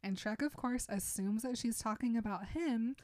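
A young woman in casual chat, animatedly retelling a film and slipping in quick voices for its characters. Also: a little high, a little mellow. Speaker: podcast co-host retelling a film.

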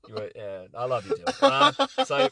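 A man's voice: very high voice, huge pitch swings, normal speed, gravelly, a loud crowd. A young man co-hosting a casual film chat, rambling with plenty of fillers and restarts, from a car parked outside a bar. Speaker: podcast co-host.

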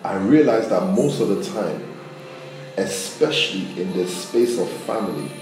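A man preaches in a loose, conversational way, acting out little quotes as he goes. His voice sits a bit low and rings around a very echoey room. Music plays clearly underneath him. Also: unhurried, far from the mic. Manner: conversational, animated, acts out quotes. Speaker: pastor. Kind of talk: sermon.

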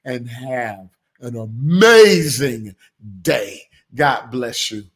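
A man preaching a podcast sermon with emphatic, rhythmic repetition that builds into shouted declarations. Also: medium pitch, lively intonation, drawn-out words, breathy edge. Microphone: podcast recording.

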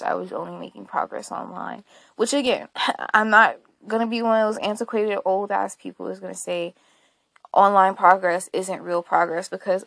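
A woman's voice: medium pitch, vocal fry, no room sound. A woman hosting a casual solo podcast, talking candidly and rambling, often laughing and swearing along the way. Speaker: podcast host.

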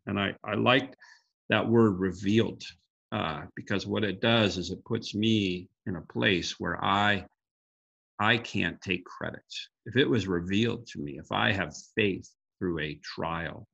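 A man's voice: deep voice, measured pace, gravelly, fairly bright tone, slightly rough, lo-fi sound. A man giving an earnest, reflective devotional talk on a group call, quoting scripture with frequent restarts. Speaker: guest speaker sharing a devotional.

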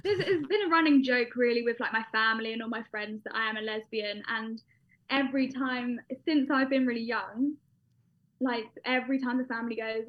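A young woman with a British accent recounts a personal story in a loose, chatty manner, full of fillers and asides. Her voice sits fairly high. The recording sounds dull and lo-fi. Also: brisk. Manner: chatty, with frequent fillers and laughs. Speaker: guest.

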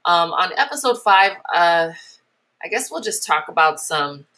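Animated thirty-something woman ranting casually. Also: lowish voice, measured pace. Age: 30s. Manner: animated storytelling, acting out voices, swearing freely. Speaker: podcast host. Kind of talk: casual solo podcast rant.

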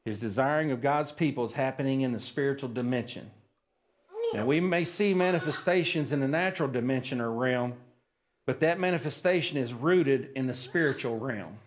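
A man's voice: mid-range voice, moderate pace. A man preaching a sermon at a church service, plain-spoken and folksy, often checking in with the congregation. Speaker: pastor.

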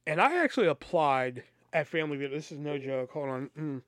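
A man's voice: a little high, sing-song, brisk, fairly bright tone, no echo, clean studio sound. A man hosting a podcast, telling a casual, rambling story, with lots of swearing and quoted voices acted out. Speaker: podcast host.

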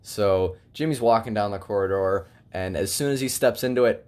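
A young man telling jokes and a long rambling shaggy-dog story in a deadpan way. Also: fairly low pitch, a little fast, hardly any pauses. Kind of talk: casual joke telling.

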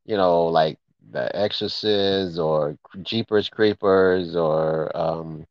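Deep-voiced man, dry, slightly dull sound. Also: slow pace, no echo. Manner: joking, drops into gangster impressions. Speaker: podcast co-host. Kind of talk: casual chat.

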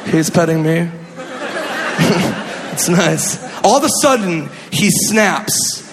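A male stand-up comedian from Minnesota, telling a story in an animated, exaggerated way with sudden shouts. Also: on the high side, slow, a crowd in the background. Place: comedy club stage. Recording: echoey club, audience laughter and noise.

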